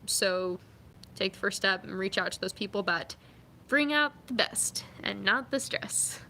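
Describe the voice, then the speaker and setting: A woman's voice: medium pitch, animated, a little slow, sharp tone, slight background noise. A young woman vlogging, chatting casually and reading out viewer comments, upbeat and full of fillers. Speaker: vlogger and athlete.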